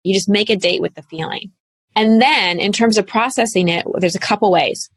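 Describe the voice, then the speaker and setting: A woman in her thirties, a coach speaking as an interview guest, telling her story in an earnest, animated way with casual fillers. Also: medium pitch, moderate pace, husky, no echo. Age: 30s. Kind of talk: candid interview talk.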